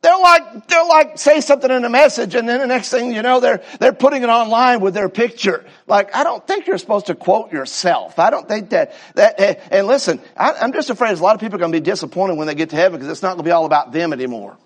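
A man's voice: high-pitched, lively intonation. A man preaching a sermon with fervor, drawing out his repetitions and stumbling into restarts. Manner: fervent preaching, slow drawn-out repetitions, stammering restarts.

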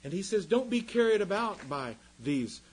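A man preaching a sermon with passion, rising to loud emphasis and dropping low again. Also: sing-song, moderate pace, slightly rough, poor audio. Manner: impassioned, swings from loud emphasis to quiet.

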